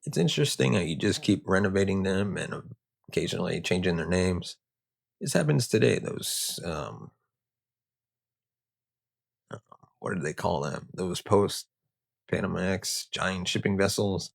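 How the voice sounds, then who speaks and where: Gravelly low-voiced male history host. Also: lively intonation, unhurried, long pauses. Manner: casual, sarcastic, riffing off-script. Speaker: podcast host. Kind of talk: history storytelling with joking asides.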